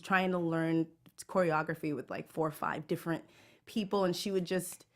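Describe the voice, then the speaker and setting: A woman actress chatting in an interview, lively and animated. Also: low-pitched, moderate pace. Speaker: actress guest. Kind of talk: casual interview chat.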